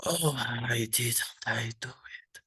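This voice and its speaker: A man voicing a maddened, zealous old grandfather in a slow, hissing whisper, as whispered role-play while reading a game aloud. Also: mid-range voice, pushed and bright, poor audio. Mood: fervent whisper.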